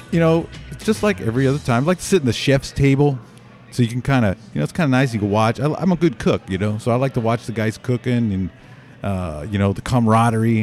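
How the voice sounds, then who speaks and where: A male radio show host telling a rambling comic story, restarting and interrupting himself as he goes. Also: mid-range voice. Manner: rambling, animated, self-interrupting.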